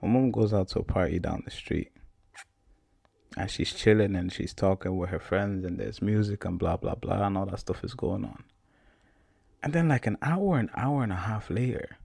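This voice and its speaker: A man's voice: deep voice, vocal fry, no room sound, studio quality. A young man in his twenties, a podcast host, telling a personal story in a casual, repetitive way. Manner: casual, repetitive, animated retelling.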